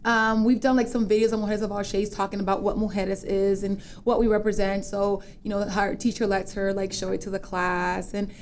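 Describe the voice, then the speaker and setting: A woman in her thirties chatting as a podcast guest, telling animated stories and acting out the voices of people she quotes. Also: medium pitch, brisk, hardly any pauses, slight background noise. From United States, Dominican parents. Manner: animated storyteller, acts out quoted voices, laughs often. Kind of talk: casual interview chat.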